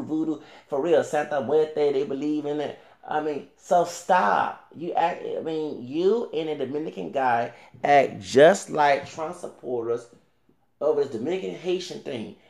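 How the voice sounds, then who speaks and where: A man's voice: fairly high pitch, vocal fry, a little mellow, echoey room. A man ranting casually to camera as a YouTuber, rambling with many restarts and fillers and talking back directly to another creator.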